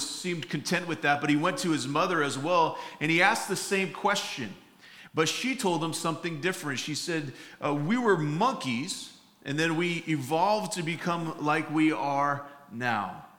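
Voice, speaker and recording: Amid echoey room acoustics, a pastor with a slightly high, sharp voice tells funny stories in his sermon. He performs the lines of each character and often restarts or fills gaps with hesitations.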